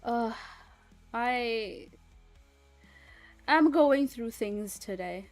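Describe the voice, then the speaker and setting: A woman's voice: fairly high pitch, expressive, extremely slow, no echo, soft background music. A woman streamer in casual livestream chat, rambling and chatty and swearing freely.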